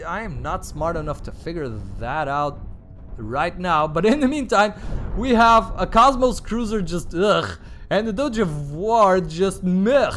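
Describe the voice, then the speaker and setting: Guy commentating a game match, pretty high voice, rambly and jokey, a little background hiss. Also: a bit bright. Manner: chatty and rambling, with playful asides and exclamations. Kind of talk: live play-by-play commentary.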